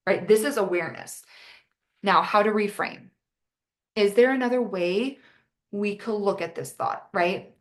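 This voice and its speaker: A woman coach explaining a mindset process in a chatty way, often adding "right?". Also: medium pitch. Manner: chatty, many "right?" asides. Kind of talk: casual coaching talk.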